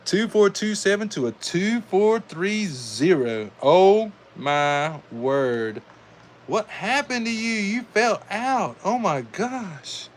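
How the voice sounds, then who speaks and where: A man with a Southern US accent calling live die-cast car races, excitable and saying y'all, reading out times as each heat ends. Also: high voice, slow, slight background noise. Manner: excitable, calls out race times, says y'all. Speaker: die-cast race host and commentator. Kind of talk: live race commentary.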